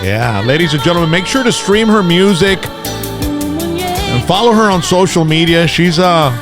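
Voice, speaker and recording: A man hosting a podcast, speaking in a relaxed, easygoing way and reacting briefly to his guests. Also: sits high, normal speed, music in the background. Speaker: podcast host. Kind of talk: casual interview chat.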